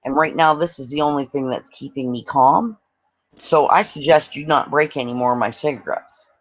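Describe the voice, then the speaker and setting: A Canadian man with a medium-pitched voice talks at a normal speed, telling a long personal story in a casual chat. He's animated and acts out what other people said. The audio is dull and lo-fi.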